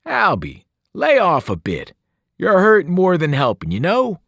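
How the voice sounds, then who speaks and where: A man's voice: high-pitched, wildly swooping pitch, measured pace, gravelly, fairly bright tone, no room sound, clean studio sound, voice pushed up, heavily acted. A man voicing a friendly teenage boy with an odd accent and cheery slang.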